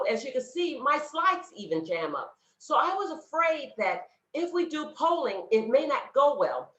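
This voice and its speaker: A woman's voice: high voice, sharp tone. A woman speaking as a guest on a video call, giving an earnest motivational talk that addresses her audience directly. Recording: roomy, dull lo-fi call audio.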